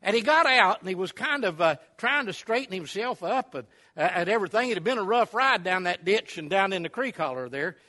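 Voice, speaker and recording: Folksy preacher, bright voice. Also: male voice, high-pitched, animated, a little fast, few pauses. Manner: folksy, rambling, many fillers. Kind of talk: sermon storytelling. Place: camp meeting service.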